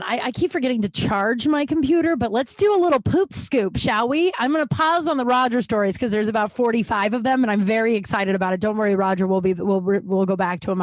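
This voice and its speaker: A woman from Denver in her thirties hosts a comedy podcast, telling stories in a profane, rambling way and laughing at her own jokes. Her voice sits a bit high and is recorded close and dry, with no room around it. Her nose is runny as she talks. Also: no room sound. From Denver, USA. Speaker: podcast host. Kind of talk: casual comedic storytelling.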